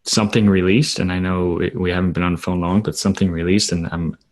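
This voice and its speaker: A man's voice: low voice, fairly even intonation, fast, a little mellow. A man speaking as a client on a coaching call, earnest and heartfelt.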